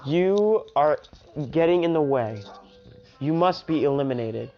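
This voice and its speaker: A woman voicing a cold young female assassin who speaks in flat, clipped orders, on a dull lo-fi recording. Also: sits low, a little slow, faint music behind.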